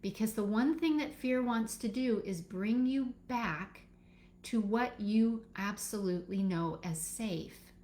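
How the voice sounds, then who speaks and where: A woman teaching a live session as a birth educator, calm and instructive, guiding listeners step by step with pauses. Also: medium pitch.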